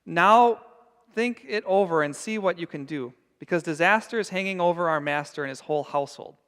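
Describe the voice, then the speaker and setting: A man's voice: high voice, fairly quick, fairly bright tone, clear, resonant tone, in a large hall. A man voicing a frightened servant urgently warning his mistress. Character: frightened loyal male servant.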